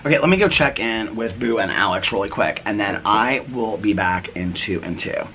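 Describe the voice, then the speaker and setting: A man's voice: fairly low pitch, expressive, moderate pace, pushed and bright, a little hiss or hum. A middle-aged man chatting casually in a daily vlog from his front porch, retelling his day with quoted back-and-forth dialogue. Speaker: vlogger.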